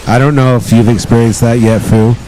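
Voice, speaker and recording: A man's voice: medium pitch, fairly even intonation, fairly quick, warm tone, slight background noise. A man chatting casually on a live stream, joking and swearing as he rambles.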